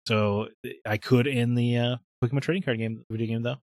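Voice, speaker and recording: Fast-talking man on a gaming podcast. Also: mid-range voice, steady tone, a little mellow. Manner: rambling, hesitant, many fillers. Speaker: podcast co-host. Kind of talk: casual chat.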